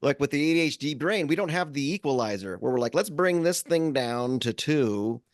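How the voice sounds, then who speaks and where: A man's voice: fairly high pitch, animated, normal speed, no echo, clean studio sound. A man co-hosting a podcast, talking in a rambling casual way with lots of restarts. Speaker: podcast co-host. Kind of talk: casual chat.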